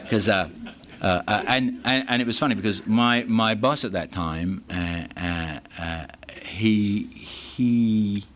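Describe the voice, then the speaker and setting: An English man speaking at a recovery meeting, telling his personal story in a halting way with many restarts and fillers. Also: on the low side, fairly bright tone.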